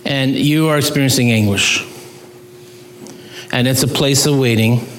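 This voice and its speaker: A man's voice: mid-range voice, unhurried, roomy sound, a little hiss or hum. A man preaching a sermon as pastor, earnest and emphatic, with sudden rises and drops in his voice.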